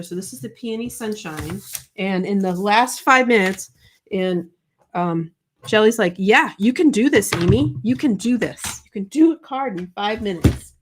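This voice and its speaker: A chatty, bubbly woman hosting a live-streamed papercraft demo, answering viewer comments as she works and joking about herself. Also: medium pitch. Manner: chatty, bubbly, self-deprecating, reads viewer comments aloud. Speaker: craft show host.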